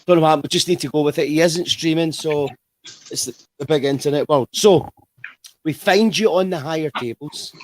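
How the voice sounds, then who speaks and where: A man's voice: fairly high pitch, a little fast. A man hosting a livestream interview, chatty and rambling, with frequent restarts. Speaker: host.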